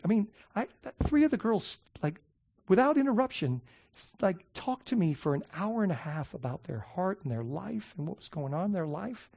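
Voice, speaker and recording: A male pastor tells his story in a rambling, chatty way full of "like" and "um." His voice sits a little high for a man. When he reaches his main points he slows down and leans on each word, and the recording sounds a bit dull and lo-fi. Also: gravelly, dark tone, breathy edge. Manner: conversational storytelling with many fillers and restarts. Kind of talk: sermon.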